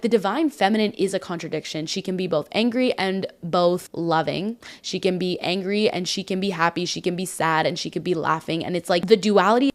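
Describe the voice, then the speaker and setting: A young woman hosting her own podcast, talking casually and encouragingly with lots of filler words. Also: fairly low pitch. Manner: chatty and encouraging, many "like" fillers. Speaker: podcast host. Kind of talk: casual solo podcast monologue.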